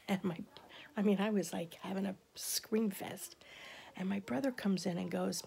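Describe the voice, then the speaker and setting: A woman in her fifties telling a family story in casual chat, laughing often and slipping into soft, half-whispered asides. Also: medium pitch, steady tone, normal speed, creaky, slight background noise. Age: 50s. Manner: chatty, laughs often while reminiscing. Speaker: vlogger.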